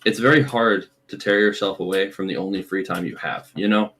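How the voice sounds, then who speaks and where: A young man in his twenties with a lowish voice talks over a game session with a friend. He muses out loud in a relaxed, thoughtful way, in casual back-and-forth chat. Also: fairly quick. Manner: thoughtful, musing. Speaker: gamer co-host.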